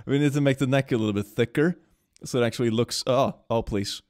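A man commenting casually while playing a game, often laughing and breaking into high-pitched squeals. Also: fairly quick, a little mellow, dry recording, clean studio sound. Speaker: gaming streamer. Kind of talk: casual let's-play commentary.

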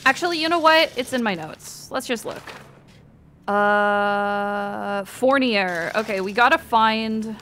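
A young woman streaming a horror game, chatting casually with her viewers, swearing and swinging between muttered whispers and loud laughing outbursts. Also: a little high, moderate pace, hardly any pauses, a little hiss or hum. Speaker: VTuber streamer. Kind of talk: casual gameplay commentary.

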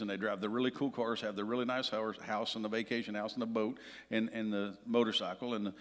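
A man preaching a sermon as pastor, telling personal stories and swinging from loud to hushed. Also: fairly low pitch, big-room sound. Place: large church hall.

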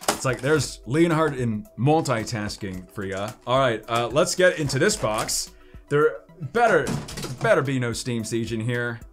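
A man's voice: mid-range voice, animated, measured pace, soft background music. A man casually chatting while opening trading card packs in his home studio, playful and joking. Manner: playful, swoops into silly voices and mock wails. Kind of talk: excited pack-opening chatter.

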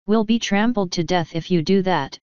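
A woman's voice: lowish voice, moderate pace, a little mellow, smooth, no echo, muffled recording, natural voice. A woman reading the part of a gloomy, grumbling male talking toad in a storybook. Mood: mournful. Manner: mournful, grumbling.

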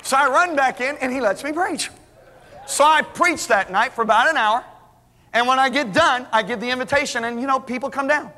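A middle-aged man preaching a sermon as a lively story, acting out the dialogue. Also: very high-pitched, a little fast. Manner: animated, acts out dialogue, restarts. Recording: hall reverb.

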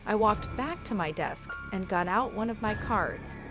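A woman's voice: medium pitch, unhurried, music in the background. A woman reading a horror story aloud as scripted narration, lightly voicing the quoted lines.

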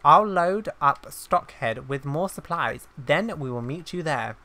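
A woman's voice: low voice, lively intonation, measured pace, pushed and bright, exaggerated voice. A woman reading aloud the lines of an eager male viking builder from a game, in her own plain voice.

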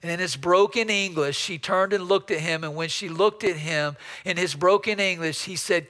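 A man's voice: sits high, moderate pace, hardly any pauses, pushed and bright, big-room sound. A man preaching a storytelling sermon as pastor, often repeating words as he builds up a story. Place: church sanctuary.

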